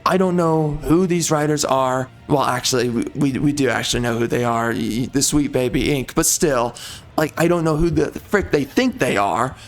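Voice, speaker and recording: A man's voice: mid-range voice, moderate pace. A man giving a heated, insulting video game rant with an angry, repetitive delivery. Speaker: game reviewer.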